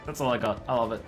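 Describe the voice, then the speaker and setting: A man's voice: medium pitch, fairly bright tone. A man chatting playfully with his viewers on a live stream, laughing often. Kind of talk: casual live-stream chat.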